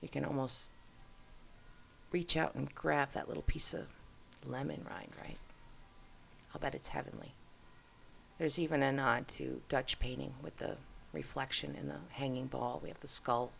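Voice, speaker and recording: Middle-aged woman host, low gravelly voice, rambling casual screen-share chat. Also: fairly even intonation, normal speed, pauses often, a bit bright, a little hiss or hum. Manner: rambling, musing aloud.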